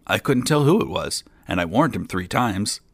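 Guy reading as simple earnest farm boy, low gravelly voice, fairy tale. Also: expressive, moderate pace, dry recording, studio quality. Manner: plain, earnest, guileless. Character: naive fearless young farm boy, simple and cheerful.

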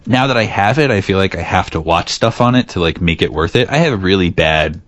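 A man's voice: deep voice, lively intonation, brisk, a bit bright, no echo. A man co-hosting a podcast in casual chat, rambling and teasing with many fillers. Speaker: podcast co-host.

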